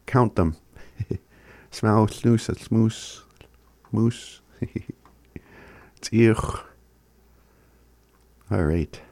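A man teaching phrases in a casual recorded lesson, chuckling often and sounding words out slowly. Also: fairly low pitch, darkish tone, no room sound. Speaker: language teacher.

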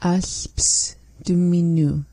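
Slow, soft-spoken woman repeating phrases. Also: fairly low pitch, steady tone, dry recording. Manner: quiet, brief repetitions. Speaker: co-host learner. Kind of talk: repeating phrases in a language lesson.

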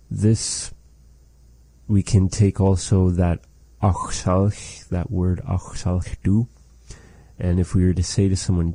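A man teaching a language lesson, saying phrases slowly and carefully and repeating them for learners. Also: low voice, dark tone, no room sound.

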